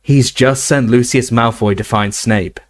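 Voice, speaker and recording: A man's voice: medium pitch, measured pace, lightly acted. A man voicing a determined teenage boy wizard hero in an audiobook reading, earnest and urgent.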